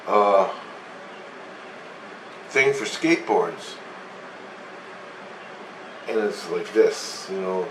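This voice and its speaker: A man's voice: sits low, a bit bright. A man casually recounting a dream, meandering and swearing freely as he goes. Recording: echoey room, distant mic, faint hum.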